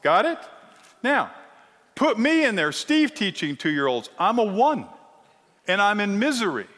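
A middle-aged man teaching a sermon-style lesson, animated and teasing, often checking in with the crowd. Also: sits high, a little slow. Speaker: Bible teacher. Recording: long reverb of a large hall.

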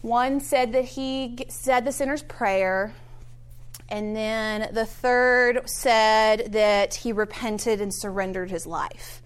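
Woman doing a chatty church talk, higher voice, lots of um and little laughs. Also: takes it slowly, smooth. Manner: animated storyteller, chuckles between phrases; conversational with frequent fillers. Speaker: speaker at a Christian gathering. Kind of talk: teaching talk with an opening prayer. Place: in front of a live audience.

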